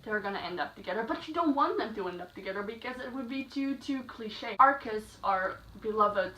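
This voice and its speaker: A woman giving a chatty, casual spoken book review, full of "like" fillers and animated asides. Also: a little high, brisk. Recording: echoey room, slightly distant mic, faint noise.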